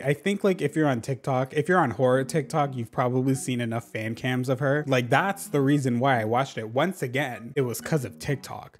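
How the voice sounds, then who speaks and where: Animated, chatty young-sounding man. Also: mid-range voice. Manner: chatty, animated, full of "like" and swearing. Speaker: gaming YouTuber. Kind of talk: casual chat over gameplay.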